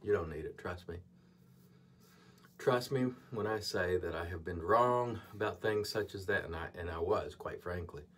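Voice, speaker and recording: Male vlog host, low voice, casual rambling review mid-shave. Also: a little slow, fairly bright tone, a little hiss or hum. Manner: chatty, digressive, earnest asides. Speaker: channel host reviewing shaving soap. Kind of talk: casual product review while shaving.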